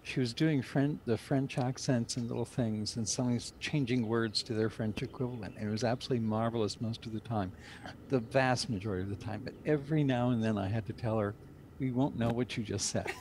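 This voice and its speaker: A man's voice: medium pitch, brisk, slight background noise. A man, the director, telling stories with laughter in a casual interview over a video call. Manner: animated storytelling with laughter.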